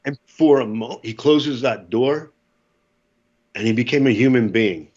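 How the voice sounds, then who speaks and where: Give me a man in his fifties telling animated stories as a podcast guest, with slightly dull, lo-fi audio. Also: mid-range voice, a little slow. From United States. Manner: animated storyteller, acts out voices, laughs often. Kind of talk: casual storytelling.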